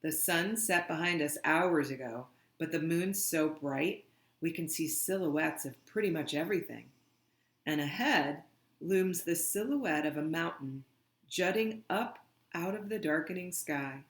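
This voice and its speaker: A storybook reader takes the chapter slowly and deliberately, letting each line settle. The voice sits mid-range. The room gives it a roomy, echoey ring. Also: mid-range voice, a bit bright. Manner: slow, deliberate read-aloud. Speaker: audiobook reader. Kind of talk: reading a children's novel aloud.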